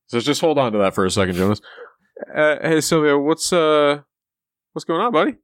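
A man's voice: fairly high pitch, big pitch swings, normal speed, no echo, studio quality. A man playing a tabletop game, talking in a friendly, casual and hesitant way. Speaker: player. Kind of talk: in-character tabletop play.

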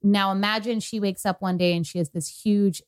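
A woman's voice: mid-range voice, fairly even intonation, a little fast, clean tone. A young adult woman co-hosting a podcast, telling a personal story in casual chat, quoting others with lots of fillers. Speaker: podcast co-host.

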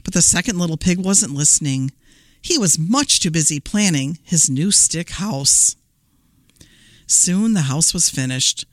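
A woman children's librarian reading a fairy tale aloud in an expressive, animated way. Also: low voice, unhurried, dry recording, clean studio sound. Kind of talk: storytime read-aloud.

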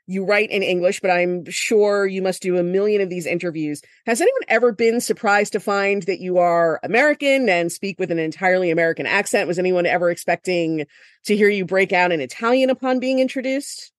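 A middle-aged woman from Miami hosting a podcast interview, chatty and quick to laugh at herself. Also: medium pitch, dry recording, studio quality. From Miami, Florida. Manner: chatty, laughs often, self-deprecating. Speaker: podcast host.

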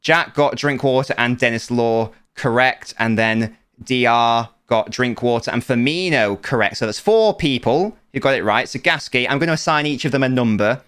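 A man's voice: mid-range voice, fairly bright tone, clean tone. Playful man hosting a quiz. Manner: playful, teasing, quick to laugh. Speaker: podcast host running a quiz. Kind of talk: casual podcast chat.

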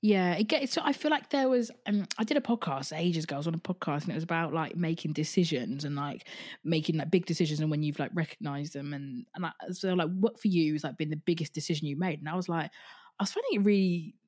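Frank, low-voiced woman podcast host. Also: fast talker, darkish tone. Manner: chatty and frank, casual swearing. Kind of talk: casual interview chat.

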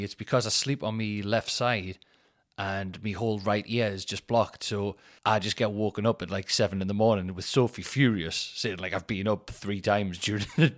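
A man chats alone into his podcast mic, sweary and animated. He rants with a lively voice that jumps up in pitch and loudness whenever something annoys him. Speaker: podcast host. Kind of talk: casual solo chat. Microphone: headphones in, home podcast mic.

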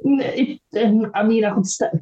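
A man's voice: sits high, moderate pace, warm tone, highs cut off. A man co-hosting a podcast in casual chat, rambling with lots of "like". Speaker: podcast co-host.

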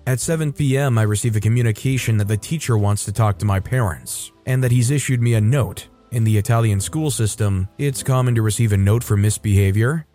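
A man's voice: mid-range voice, warm tone. Man narrating stories over faint music. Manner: conversational, wry asides between readings. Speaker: host and narrator. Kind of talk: reading online stories aloud.

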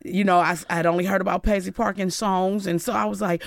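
This is a fairly quick, creaky-voiced middle-aged woman from Inglewood, California, interviewed as a guest in a radio studio. A celebrity hairstylist, she tells her stories with energy and acts out the dialogue using large pitch jumps, captured in a dry recording.

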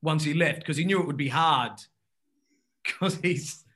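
The man's pitch is fairly high and his tone a bit bright. Chatting casually as a guest, he rambles through a story, interrupting himself with restarts and frequent laughs.

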